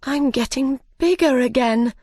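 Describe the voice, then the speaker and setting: A woman's voice: a little slow, a little mellow, no room sound, studio quality. A woman voicing a curious, slightly worried young girl in a storybook. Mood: wondering. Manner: higher, wondering.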